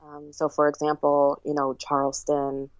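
A woman author in a podcast interview with a very low voice, thoughtful and candid, and quick to laugh. The audio is dull and lo-fi, with a dry, close sound. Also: monotone, dry recording. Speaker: author and guest. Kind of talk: casual interview chat.

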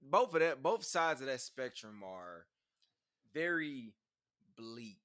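A man co-hosting a podcast, reacting in casual chat with quick interjections and joking asides. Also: mid-range voice, sing-song, fairly bright tone, dry recording, clean studio sound. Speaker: podcast co-host.

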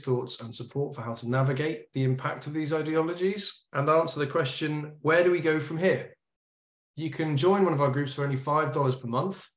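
A man co-hosting a casual live stream over a video call, chatty and easygoing. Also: medium pitch. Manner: chatty, laughs easily with the group. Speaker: co-host. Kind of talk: casual chat and read-out blurb. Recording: roomy echo on a video call.

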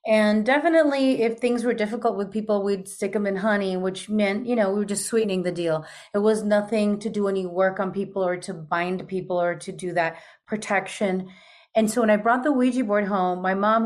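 A woman in her fifties, telling a personal story in a chatty, animated way with frequent casual fillers. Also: mid-range voice. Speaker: guest. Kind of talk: storytelling in conversation.

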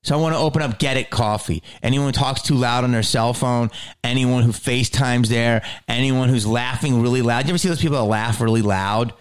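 A man's voice: mid-range voice, fairly quick, clear, resonant tone. A middle-aged man comedian ranting in a heated, profane, swaggering way.

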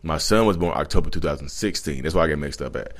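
A man's voice: rumbling low, lively intonation, fast. A man, giving a blunt, rambling confessional monologue to his vlog audience and often correcting himself. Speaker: vlogger.

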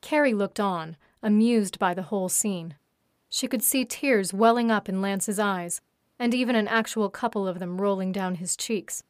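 A woman reads a written story aloud in a steady, even narration. Her voice sits at an ordinary middle pitch. The recording is dry and close, with no room sound. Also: moderate pace, no echo. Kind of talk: scripted erotic story reading.

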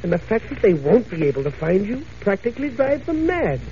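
An actor playing a cunning, self-satisfied male villain in a 1940s radio drama, mocking and smooth. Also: high-pitched, very animated, a little fast, mellow. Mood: gloating. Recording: dull old radio recording, faint hiss.

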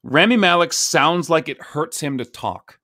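A man co-hosts a casual podcast chat and gives short, blunt opinions in a dry way. His voice is bright and sits close in a dry, deadened space. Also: on the high side, expressive, measured pace, no echo. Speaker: podcast co-host.

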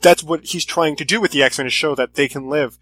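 A man's voice: fairly high pitch, brisk, fairly bright tone. A man in casual chat about comics, earnest and reflective in his views. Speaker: comic podcast co-host.

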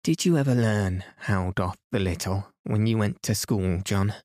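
A man's voice: fairly low pitch, measured pace, darkish tone, no room sound, studio quality, natural voice. A man reading a bustling, doting young wife. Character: cheerful young wife and mother, fussing.

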